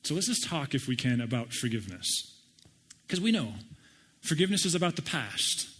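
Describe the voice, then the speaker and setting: A middle-aged man preaching a sermon and telling personal stories with animated, self-deprecating humor. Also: medium pitch, a little fast, husky. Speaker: pastor.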